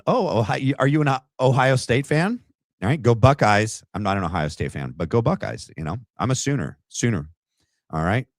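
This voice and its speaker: A man hosting a livestream reacts to clips with blunt, mocking, casual commentary, calling people names. His voice leans low, and the recording has no room sound.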